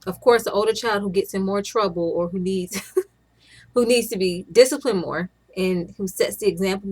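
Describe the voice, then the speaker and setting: A young woman, a stay-at-home mom, chatting casually to camera in a rambling way, often restarting her sentences. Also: medium pitch.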